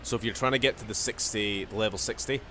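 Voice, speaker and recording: A Scottish man chatting his way through a game live-stream, rambling and joking as he plays. His voice sits low, with a faint game hum underneath. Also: fairly even intonation, fast talker, bright, forceful tone. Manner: rambling, jokey. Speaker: gaming streamer. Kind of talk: casual live-stream commentary.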